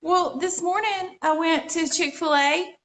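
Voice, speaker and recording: A woman's voice: very high voice, unhurried, fairly bright tone. A woman co-hosting a live DIY show, chatting casually and laughing easily. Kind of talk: casual chat.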